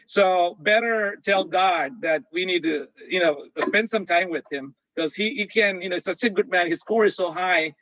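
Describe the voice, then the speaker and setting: Man voicing a flattering heavenly gatekeeper in a parable, high voice, dry dull sound. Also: moderate pace, few pauses, no echo. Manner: flattering, fussing. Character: kindly flattering male Saint Peter.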